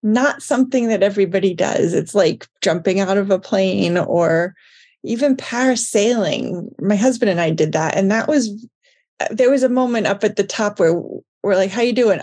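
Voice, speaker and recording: A woman hosting a podcast interview, encouraging her guest, laughing often and reacting warmly. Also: medium pitch, moderate pace. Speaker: podcast host. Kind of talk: casual interview.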